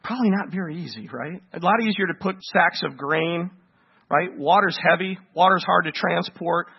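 A male preacher with a high, husky voice preaches an animated sermon in a church. He keeps turning to the congregation with questions. The recording sounds dull and lo-fi. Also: moderate pace.

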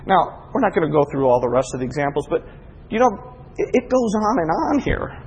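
A man preaching a sermon as a pastor, his voice rising to emphatic peaks and dropping to hushed, intimate asides. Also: a little high, lively intonation, fairly quick, lo-fi sound. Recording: husky voice with long reverb of a large hall.

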